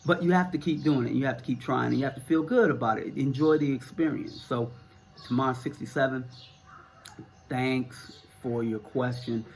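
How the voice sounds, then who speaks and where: A man's voice: mid-range voice, normal speed, a little hiss or hum. A middle-aged American man with a Northern US accent, answering viewer questions in a casual, rambling talk full of fillers and repeated words. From United States.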